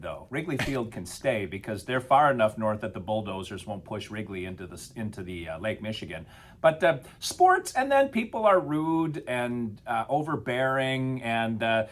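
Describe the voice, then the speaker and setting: Mock-grumpy man ranting on a podcast. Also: mid-range voice. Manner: mock-grumpy, exaggerated rants. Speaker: podcast co-host. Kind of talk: casual comedic podcast chat.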